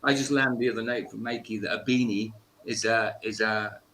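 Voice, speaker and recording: A man's voice: on the low side, steady tone, moderate pace, sharp tone, slight background noise. A Scottish man co-hosting a livestream, chatting casually and repeating his encouragement. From Scotland. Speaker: stream co-host.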